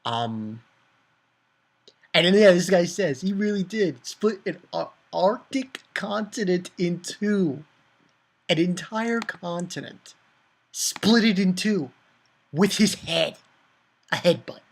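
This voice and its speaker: A man giving a casual manga chapter review, excitable and profane, rambling with many fillers. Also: sits high, slow, gravelly, pauses often.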